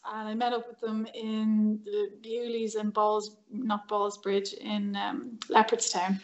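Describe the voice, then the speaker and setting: This slow, medium-pitched recording has its highs cut off. An Irish woman who acts and plays violin tells stories on a podcast in a relaxed interview, vividly acting out each quoted exchange.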